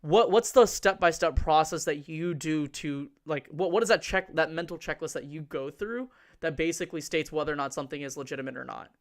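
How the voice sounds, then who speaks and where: Chatty man with a smooth, higher voice. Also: brisk, few pauses. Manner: talkative, loose, many fillers. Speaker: podcast host. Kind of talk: casual podcast chat. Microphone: streaming setup.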